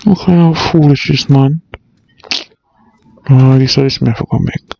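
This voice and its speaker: A man's voice: mid-range voice, fairly even intonation, measured pace, vocal fry, dark tone, highs cut off. A man with a Jamaican accent voicing a cartoon character in an easygoing, laid-back patois. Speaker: cartoon voice actor. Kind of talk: casual cartoon voice acting.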